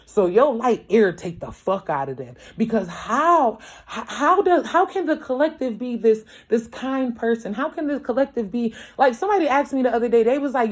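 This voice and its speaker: Her voice sits a little high and sounds expressive, moving at a normal speed with few pauses. Late at night at home, this mother, young adult to middle-aged, gives a casual tarot reading full of profanity and blunt talk. She keeps asking her viewers "you feel me" and grows louder as she gets worked up.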